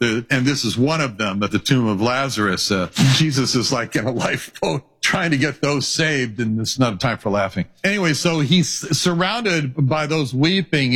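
A man delivering a sermon in a husky, breathy voice at an ordinary middle pitch. He preaches earnestly and leans on repeated phrases. He reads scripture passages aloud in their old-fashioned wording. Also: a bit bright. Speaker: pastor.

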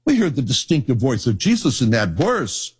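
A middle-aged man, a pastor, preaching a sermon and telling personal stories, dropping his voice low for asides. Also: moderate pace, slightly rough. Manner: animated storytelling, drops low for asides.

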